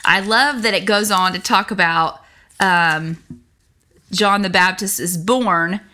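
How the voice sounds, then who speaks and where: A woman leads an informal Bible lesson, reading passages and then musing over them in a chatty, earnest way. Her voice is bright and forward, and she sits at a middling pitch for a woman. She trips and restarts often, padding her thoughts with fillers. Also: slow pace, a little hiss or hum. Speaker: Bible study teacher.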